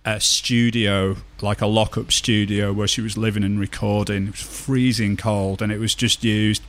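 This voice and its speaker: A man's voice: on the low side, flat delivery, moderate pace, fairly bright tone. A man hosting a podcast, telling a chatty anecdote in casual conversation. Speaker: podcast host. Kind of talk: casual chat.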